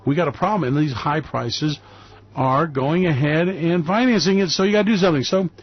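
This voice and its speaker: A man hosting a market commentary radio show, talking in a loud, brash, sarcastic way and mocking people with put-on voices. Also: a little high, brisk, dry recording. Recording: dry, slightly dull lo-fi recording.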